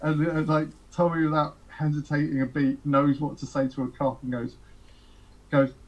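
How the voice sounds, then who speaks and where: A man's voice: a little high, flat delivery, moderate pace, highs cut off. A man, a touring musician, telling rambling road anecdotes on a podcast, laughing and quoting people as he goes. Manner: rambling, laughs through anecdotes, quotes others. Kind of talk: casual podcast storytelling.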